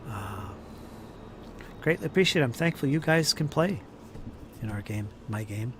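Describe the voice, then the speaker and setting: A man running a tabletop game, wrapping up the session in a relaxed, joking way while tired from no sleep. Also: medium pitch, moderate pace, noisy background. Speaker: game master. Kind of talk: post-session wrap-up chat.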